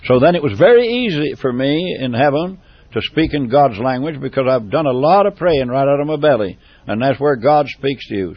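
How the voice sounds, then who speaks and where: A man's voice: fairly high pitch, slightly rough, dry recording, dull audio. A man preaching a sermon, repeating phrases with emphatic, rising fervor.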